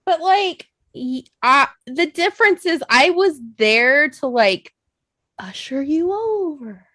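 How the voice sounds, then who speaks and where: A woman's voice: sits high, expressive, takes it slowly, sharp tone, no echo. A young woman co-hosting a casual podcast chat, self-deprecating and swearing, laughing often and acting out her own quotes. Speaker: podcast co-host.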